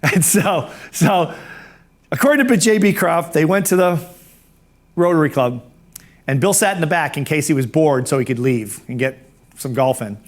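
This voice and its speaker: A man's voice: a little high, animated, moderate pace. A middle-aged man teaching a speaking course, telling anecdotes in a conversational way that often repeats words and restarts phrases.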